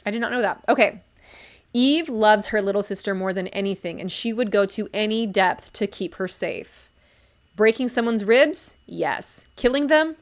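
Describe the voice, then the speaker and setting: A woman's voice: mid-range voice, animated, moderate pace. Gushing, chatty young woman streamer. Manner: gushing, enthusiastic, chatty with many fillers. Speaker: livestream book reviewer. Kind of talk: casual live-stream commentary.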